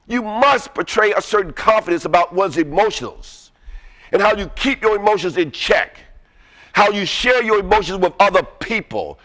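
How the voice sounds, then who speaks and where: A man's voice: sits high, bright, forceful tone. A man giving an interactive motivational lecture, energetically quizzing the audience with fill-in questions. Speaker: workshop presenter.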